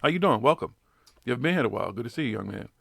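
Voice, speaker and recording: A man's voice: medium pitch, animated, racing, creaky, fairly bright tone. A man with a Boston accent hosting a live radio show, rambling and swearing constantly in brash, casual chat. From Boston, USA.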